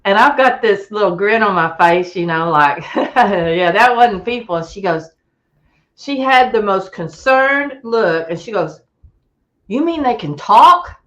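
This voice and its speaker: A woman guest telling a camping story in a casual, animated way, acting out other people's voices and chuckling as she goes. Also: medium pitch, a little slow, muffled recording. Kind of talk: casual storytelling on a call-in show.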